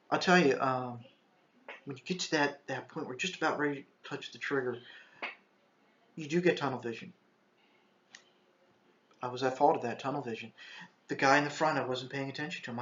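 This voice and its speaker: A mid-pitched man, a retired park ranger, telling a tense story in a halting, intense way, with bursts of shouted orders. The room echoes, and the sound is a little dull and muffled. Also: slight background noise. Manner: intense, shouts quoted commands; halting, restarts often. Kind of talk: first-person storytelling.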